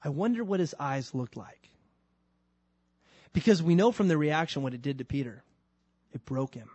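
A man's voice: fairly high pitch, expressive, normal speed, mellow, husky, no echo. A man preaching a conversational sermon and telling the story with emphatic delivery.

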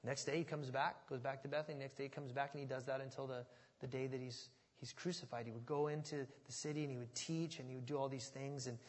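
A man preaching a sermon with animated energy, swinging between loud excitement and hushed asides. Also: mid-range voice, fast. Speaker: pastor. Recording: long reverb of a large hall.

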